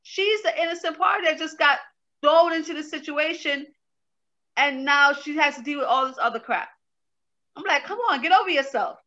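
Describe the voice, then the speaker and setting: A woman vents and retells scenes with animated exasperation in a casual co-hosted chat. Her voice is high and bright. The recording sounds dull and lo-fi. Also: normal speed. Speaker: co-host reviewing a reality show.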